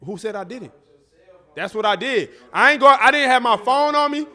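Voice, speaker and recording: High-voiced man telling an animated story. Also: normal speed. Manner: animated, profane storytelling with acted-out quotes. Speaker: podcast co-host. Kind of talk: casual storytelling.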